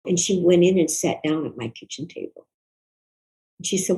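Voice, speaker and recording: An older woman, a guest author, recalls a personal story during an interview, reflective, soft-spoken, and earnest. Her voice is lowish at a moderate pace, and the audio is poor.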